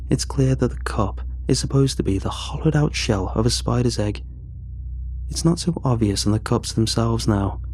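A man narrating a first-person horror story in a measured, suspenseful reading. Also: lowish voice, darkish tone, a little hiss or hum.

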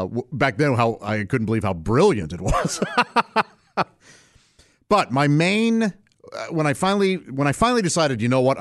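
Middle-aged male stand-up, laid-back and chuckly, mid-pitched voice, dry close mic. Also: no echo. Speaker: stand-up comedian. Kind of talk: casual interview answer.

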